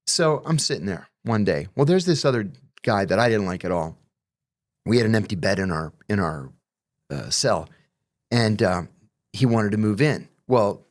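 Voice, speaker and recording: Animated storytelling man. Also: fairly low pitch, normal speed. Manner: animated, acts out quoted exchanges with profanity. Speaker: guest telling prison stories. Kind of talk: casual storytelling conversation.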